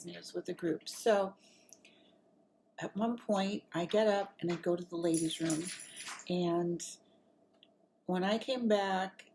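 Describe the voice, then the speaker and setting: A woman's voice: fairly low pitch, unhurried, pauses often, a little hiss or hum. A woman vlogger telling a rambling, chatty story to camera. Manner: rambling and chatty, lively when excited.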